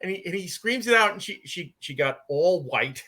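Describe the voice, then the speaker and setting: A man co-hosting a podcast, telling an anecdote lively and acting out the quotes. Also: high voice, moderate pace. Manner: lively storyteller, acts out quotes. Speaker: podcast co-host.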